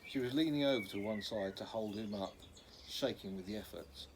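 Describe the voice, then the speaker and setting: A man's voice: on the low side, brisk, a little hiss or hum, rough recording. A man reading a children's novel aloud in an unpolished way, stopping now and then to correct slips. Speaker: reader.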